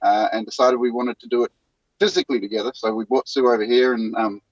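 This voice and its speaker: A man's voice: medium pitch, steady tone, no echo, dull audio. A man with a New Zealand accent, a guest talking earnestly from a van. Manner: earnest, halting with restarts. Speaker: guest, news show co-host. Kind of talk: casual interview talk.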